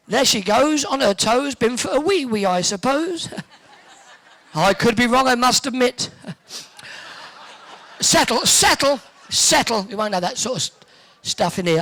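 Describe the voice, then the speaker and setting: A man's voice: extremely high pitch, fairly bright tone. Cheeky man bantering with a crowd. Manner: cheeky, teasing, quick one-liners. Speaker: arena host entertaining the crowd. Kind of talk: joking crowd banter over a microphone. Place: large indoor bowls arena with a crowd.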